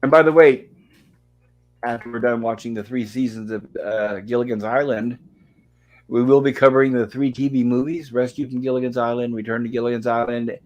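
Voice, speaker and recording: A man's voice: medium pitch, steady tone, a little fast. Chatty man recapping an old sitcom. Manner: chatty, laughs easily, loses track of names. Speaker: host of a pop culture review show. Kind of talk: casual retelling and commentary of an old sitcom.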